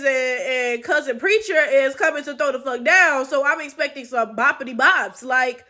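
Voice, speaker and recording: Host type: woman with a high voice, crude, joking, rambling film reaction commentary. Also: a bit bright. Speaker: channel host.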